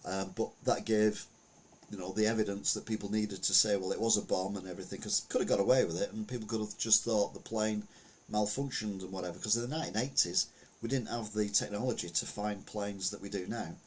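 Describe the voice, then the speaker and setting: A man's voice: fairly low pitch, fairly even intonation, brisk, darkish tone, husky. A middle-aged man giving casual opinion commentary as a podcast host, rambling with lots of fillers and restarts.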